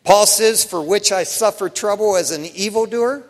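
Middle-aged male pastor with a high voice, casual and emphatic, preaching with long hall reverb. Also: moderate pace. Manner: casual, emphatic preaching with frequent "man" and "you know". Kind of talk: sermon.

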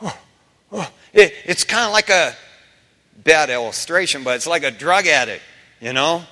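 A man preaches in a church sanctuary, slipping into casual stories and acted-out voices with a joking touch. His voice sits high and sounds bright and forceful. The room rings with a long, hall-like reverb. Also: moderate pace. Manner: animated, casual storytelling with humor and acted-out quotes. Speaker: pastor. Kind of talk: sermon.

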